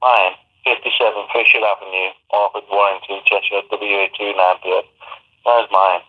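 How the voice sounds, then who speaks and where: A man calling in by phone, rambling in a hesitant, halting way with many pauses and fillers. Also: lowish voice, little pitch movement. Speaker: phone-in caller. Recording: tinny phone line.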